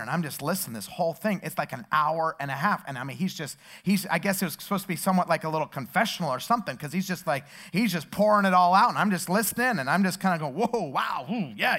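A man, a pastor, preaching a sermon with stories and rising emphatic passages. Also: a little high. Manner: storytelling, building to loud emphatic preaching.

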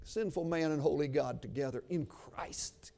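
An older man preaching a sermon, telling a story and then praying, earnest and swinging from hushed to emphatic. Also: a little high, normal speed, gravelly.

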